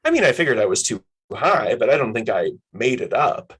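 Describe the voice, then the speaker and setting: A man's voice: mid-range voice, very animated, a little fast, a bit bright, slightly rough. A man putting on a breezy young stoner woman. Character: laid-back young woman, stoner friend.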